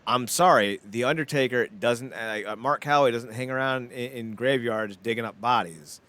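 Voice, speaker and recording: A man's voice: mid-range voice, moderate pace, bright, forceful tone. Podcast co-host, man, middle voice, loose and profane, rambles through his takes. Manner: rambling, blunt and profane, with frequent "like" fillers. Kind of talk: casual chat.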